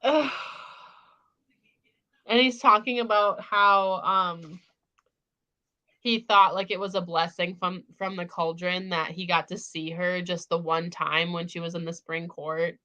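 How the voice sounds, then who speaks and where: A woman's voice: on the low side, fairly even intonation, measured pace, pushed and bright, low-quality recording. A young woman hosting a casual livestream book discussion, gushing about a book with lots of filler words. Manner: gushing, filler-heavy "like" talk. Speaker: booktube host. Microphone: livestream microphone.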